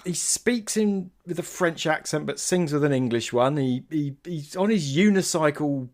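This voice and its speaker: A man talking as a podcast guest in casual chat, animated, laughing and tripping over his words. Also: on the high side, normal speed.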